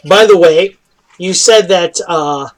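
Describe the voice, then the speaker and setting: A man's voice: high-pitched, takes it slowly, slight background noise. A man narrating as game master of a tabletop game, joking and laughing, often restarting his sentences. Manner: jokey, with frequent restarts and laughs.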